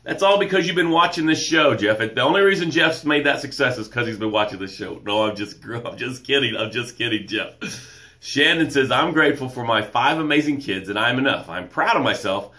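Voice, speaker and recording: A man hosting a live motivational show, energetic, greeting viewers by name and reading their comments aloud. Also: fairly quick. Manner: drops soft and low to read quotes and breathing cues. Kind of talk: live-stream motivational talk.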